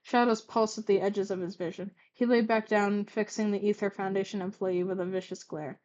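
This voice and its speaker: A woman's voice: medium pitch, fairly even intonation, brisk, a little mellow, muffled recording. Stumbling young woman reading old fanfic. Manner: stuttering, stumbling, with fillers and self-corrections. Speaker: reader of her own old fanfic. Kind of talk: casual read-aloud with comments.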